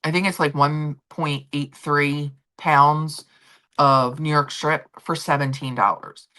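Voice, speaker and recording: A woman's voice: low-pitched, steady tone, slow pace, bright, forceful tone. A woman livestream host, telling a story in a chatty, casual way and swearing now and then. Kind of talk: casual chat with viewers.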